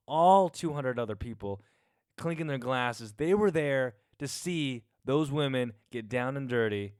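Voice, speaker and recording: Hyped man hosting a podcast, smooth voice. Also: medium pitch, no echo, clean studio sound. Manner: energetic, playful and hyped. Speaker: podcast host. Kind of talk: solo podcast intro. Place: home garage. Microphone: studio microphone through a mixer.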